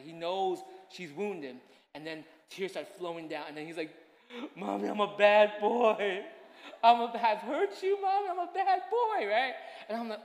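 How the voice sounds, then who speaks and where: A man in his thirties preaching a sermon, swinging between loud urgent pleading and soft, chatty asides. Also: a little high. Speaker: pastor. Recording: echoey hall.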